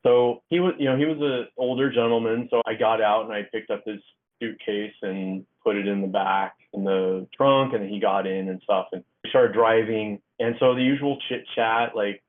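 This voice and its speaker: A man with a fairly low voice tells a long personal story, rambling and restarting as he acts out what people said. He comes through a thin, phone-like line. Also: fairly even intonation, a little fast. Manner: rambling, with many restarts and acted-out dialogue. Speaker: guest author. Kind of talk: storytelling in a casual interview. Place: Oregon.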